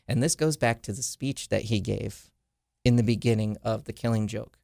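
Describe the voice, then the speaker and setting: A man's voice: fairly low pitch, fairly even intonation, moderate pace, vocal fry, darkish tone, no room sound, studio quality. A man hosting a podcast, casually retelling a comic storyline with lots of "uh" fillers. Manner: rambling retelling with frequent "uh" fillers. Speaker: podcast host.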